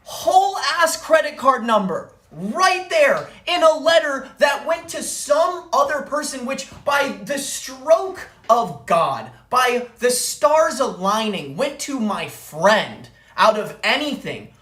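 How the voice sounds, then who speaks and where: A woman's voice: high-pitched, sing-song, slow pace, few pauses, fairly bright tone, reverberant. A woman streamer telling a story in an angry, profane rant, repeating phrases for emphasis. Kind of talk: ranting live-stream story.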